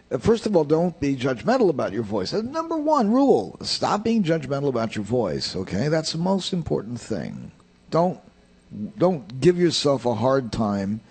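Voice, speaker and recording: An older man with a husky voice gives a slow, rambling voice lesson, his pitch rising and falling widely as he drifts into anecdotes. A guitar can be heard behind him. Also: darkish tone. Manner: rambling, anecdotal, plain-spoken. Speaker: voice teacher.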